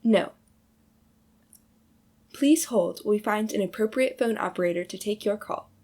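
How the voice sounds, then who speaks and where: A woman's voice: medium pitch, normal speed, a little mellow, close to an everyday voice. A woman voicing a curt, unhelpful automated phone-line voice in a comedic short film, clipped and dismissive. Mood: dry, dismissive.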